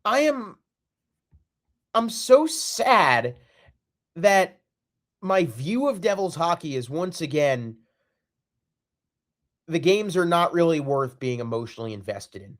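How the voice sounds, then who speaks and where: A man's voice: fairly high pitch, big pitch swings, slow pace, long pauses. A man hosting a solo sports podcast, ranting in an exasperated, repetitive and emphatic way. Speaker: podcast host.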